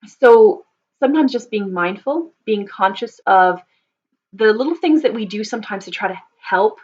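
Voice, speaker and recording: Woman explaining vocal technique, dull audio. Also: mid-range voice. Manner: thoughtful, with many ums and restarts. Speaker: voice teacher.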